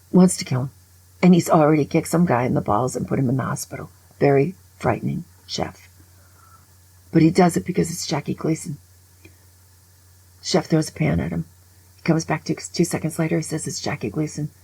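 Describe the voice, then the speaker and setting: A woman over sixty-five giving a casual, opinionated monologue as a vlogger. She is an animated, grumbling storyteller who often drops to a whisper. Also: sits low, normal speed, creaky, long pauses, slightly rough, dry recording, rough recording.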